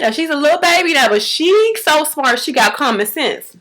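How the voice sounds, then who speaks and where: A mother in a casual vlog, telling an emotional story in slangy, animated speech and acting out quotes in a higher voice. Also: normal speed, rough recording. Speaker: mother vlogging about parenting.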